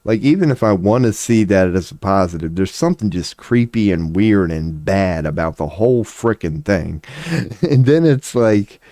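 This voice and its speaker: Mellow low-voiced man ranting. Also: animated, moderate pace, no room sound, clean studio sound. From United States. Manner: profane, sarcastic, laughs between points. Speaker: commentary vlogger. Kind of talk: casual ranting commentary.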